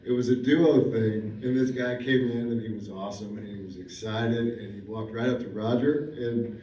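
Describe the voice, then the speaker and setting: A man's voice: fairly low pitch, fairly even intonation, moderate pace, warm tone, lo-fi sound. A man who is a voice actor on a convention panel, talking casually, rambling and laughing easily at himself. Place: large convention hall. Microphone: handheld mic through speakers, recorded from the audience. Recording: echoey hall from far off.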